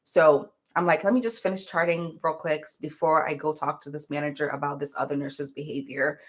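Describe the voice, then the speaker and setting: A young woman, a touch low-pitched, talks straight to her viewers in a chatty, animated way. She retells a story and acts out the voices of the people in it. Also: a little fast. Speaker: vlogger.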